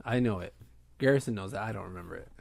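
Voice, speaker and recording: A man's voice: lowish voice, fast talker, vocal fry, a crowd in the background. A man playing a tabletop game, joking and impulsive in casual banter. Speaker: player.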